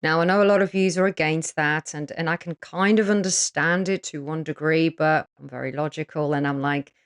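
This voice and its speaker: A woman with a somewhat low voice speaks casually and straight to camera, telling it as it is. She is frank and chatty, swears without hesitation, and keeps checking in with her listeners. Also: fairly even intonation, brisk, clear, resonant tone. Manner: blunt and frank, swears freely; chatty, with frequent fillers and tag questions. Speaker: spiritual practitioner offering spell consultations.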